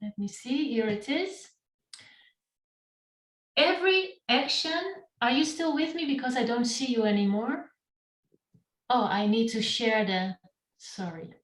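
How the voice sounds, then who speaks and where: Slow middle-aged woman telling her story. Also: a little high. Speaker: meetup speaker. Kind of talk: personal storytelling talk. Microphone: video call. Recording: roomy and distant from the mic.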